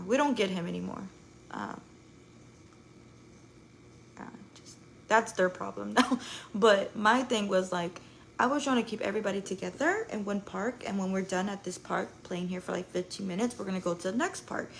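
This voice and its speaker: A woman's voice: mid-range voice, gravelly, slight background noise, poor audio. A young woman telling a rambling story to her live viewers, full of "like" and swearing. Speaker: live streamer.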